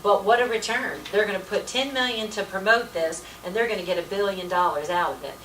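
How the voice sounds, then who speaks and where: A woman with a mid-range, fairly bright voice speaks briskly and emphatically in an echoey meeting room, keeping repeating "let me tell you" in a folksy way. She's a volunteer giving an informal political presentation, captured on a distant mic with faint hiss.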